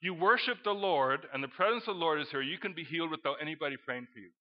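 Middle-aged male preacher, animated storyteller with sudden loud exclamations, slightly high voice. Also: fast. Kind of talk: sermon with storytelling. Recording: dull lo-fi recording.

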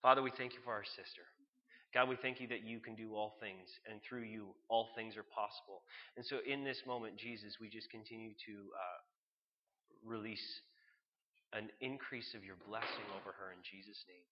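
A man leading a spoken prayer in church, soft and halting, with fillers between phrases. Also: on the low side, fairly even intonation. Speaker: pastor. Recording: dull sound, long reverb in a large room.

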